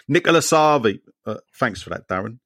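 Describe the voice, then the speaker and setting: A man's voice: medium pitch, a little fast, no room sound, studio quality. A man hosting a podcast, reading listener messages aloud and trading jokes with his co-hosts. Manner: jokey banter with co-hosts, animated. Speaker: podcast host.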